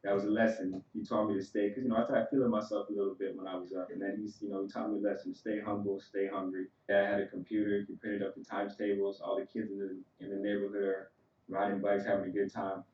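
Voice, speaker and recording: Speaking quickly at his father's funeral in a church sanctuary, a son tells stories in a conversational eulogy peppered with "you know." His fairly low, a little mellow voice shows little pitch movement, and the recording is roomy and muffled.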